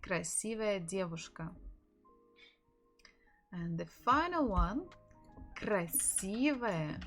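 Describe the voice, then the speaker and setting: A woman with a Russian accent teaching a live-streamed language lesson, repeating each word slowly so learners can follow. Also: mid-range voice, expressive, faint music behind. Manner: slow, drilling words by repetition.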